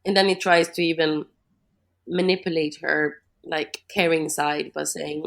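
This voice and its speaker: A woman's voice: deep voice, little pitch movement, measured pace, creaky. A woman co-hosting a podcast, thinking aloud about a horror film with many "like"s. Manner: chatty, lots of "like", thinks aloud. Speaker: podcast co-host. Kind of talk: casual film discussion.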